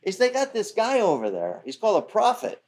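A man's voice: sits high, huge pitch swings, brisk, a little mellow, voice pushed up, full character voice. A man voicing anxious soldiers explaining themselves to their king. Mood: pleading. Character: nervous loyal soldiers of an enemy king.

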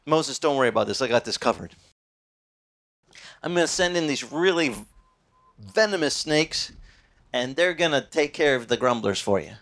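God speaking casually and decisively, as a preacher puts him on. The delivery is relaxed but firm, swinging between low and lifted phrases. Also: male voice, moderate pace, long pauses. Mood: reassuring. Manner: matter-of-fact, casual.

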